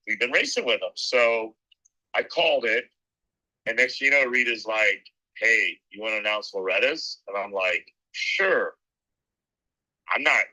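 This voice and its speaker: A man's voice: medium pitch, sharp tone, poor audio. A middle-aged man who works as a race announcer, telling rambling anecdotes in a casual interview and acting out the lines he quotes.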